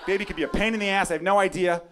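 A young man performing a stand-up comedy set, brash, dropping to mumbled asides and then shouting rants. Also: high voice, fairly even intonation, very fast. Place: comedy club stage before a live audience. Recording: live club recording with crowd noise. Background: audience laughter.

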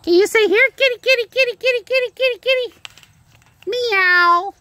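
Brief: high, lively, bright woman vlogger, sing-song coaxing voice, handheld camera outdoors. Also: moderate pace. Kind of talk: casual chat, baby talk to animals. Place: outdoors at a roadside attraction with animals.

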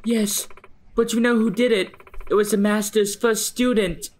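A man voicing a young woman tattoo apprentice in a raised falsetto. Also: steady tone, normal speed, close to an everyday voice. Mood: earnest. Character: young female tattoo apprentice, polite and earnest.

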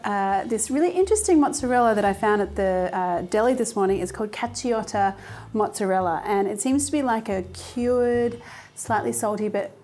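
A woman's voice: mid-range voice, a little mellow. Chatty woman hosting a cooking show. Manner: chatty, upbeat, explains step by step. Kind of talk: casual cooking demonstration. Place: home kitchen.

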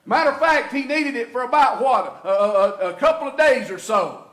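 A man with a Southern US accent preaching a sermon as pastor, folksy and swinging between loud and quiet. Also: very high-pitched, lively intonation, moderate pace. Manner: folksy preaching, rising and falling in intensity. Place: church sanctuary. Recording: echoey church room.

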